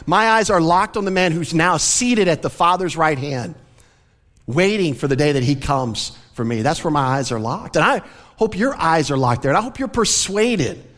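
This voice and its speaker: A man's voice: on the high side, animated, normal speed, fairly bright tone, long reverb tail. A man preaching a sermon as pastor, from the American South, speaking earnestly and conversationally with light laughs. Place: church sanctuary.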